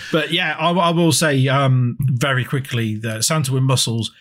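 A man's voice: mid-range voice, slow pace, a bit bright. A man from England co-hosting a casual podcast, telling rambling stories and swearing freely. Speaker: podcast co-host. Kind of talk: casual chat.

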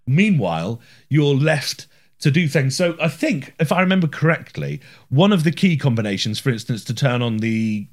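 Lively, joking man chatting. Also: mid-range voice, moderate pace. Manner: joking, laughs often, lively. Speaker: podcast co-host. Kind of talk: casual chat about retro video games.

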